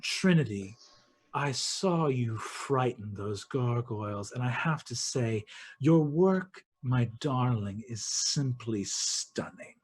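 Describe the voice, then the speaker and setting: A man voicing a sly queen of midnight who speaks in a soft, silky, flattering way. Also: medium pitch, slow pace, breathy edge, voice pushed down.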